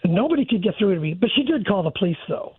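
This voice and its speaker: Husky middle-aged man on a phone line. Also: sits high, big pitch swings, no room sound. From San Francisco area. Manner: rambling, halting storytelling. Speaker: caller. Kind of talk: phone-in story. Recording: dry tinny phone line.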